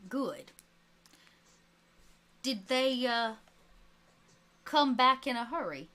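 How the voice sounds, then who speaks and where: A woman voicing a sinister male preacher with a rich, deep Southern drawl, coaxing and stern by turns. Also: lively intonation, very slow, bright, forceful tone, exaggerated voice. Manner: coaxing, then stern and threatening. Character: sinister smooth-talking adult male preacher.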